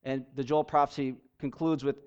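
A man's voice: mid-range voice, level tone, moderate pace, darkish tone, clean tone. A man giving a conversational bible teaching, chatty, with restarts and laughing asides. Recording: dull lo-fi recording.

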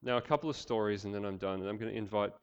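An Australian man preaching a sermon, swinging from loud, emphatic passages to quiet, intense ones. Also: on the low side, racing, smooth, highs cut off. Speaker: pastor.

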